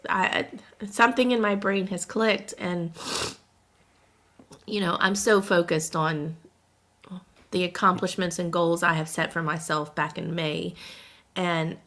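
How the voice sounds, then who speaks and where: Woman podcast co-host, fry in the voice, emotional venting. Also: on the low side, a bit bright. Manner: emotional, venting, close to tears. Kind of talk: casual podcast chat.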